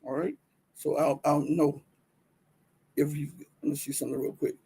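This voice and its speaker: A livestream host with a Southern US accent speaks in a fairly high voice with vocal fry, at normal speed, over slight background noise. He's casual and animated, addressing viewers directly and reading off his screen with many restarts and fillers.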